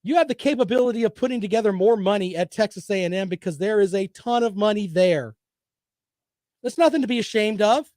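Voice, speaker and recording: A man's voice: sits high, brisk, a little mellow, dry recording, studio quality. A man hosting a sports talk show, delivering opinionated, sarcastic commentary in a combative, rambling way.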